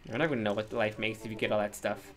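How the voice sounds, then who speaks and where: A woman's voice: extremely low pitch, fairly even intonation, racing. A woman hosting a let's play, chatting casually and joking as she plays a game. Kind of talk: casual gameplay commentary.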